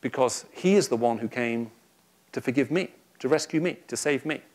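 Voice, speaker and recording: Lively, humorous man giving a talk. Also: medium pitch, normal speed. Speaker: Christian speaker addressing an audience. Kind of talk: public talk with anecdotes. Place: room with a live audience.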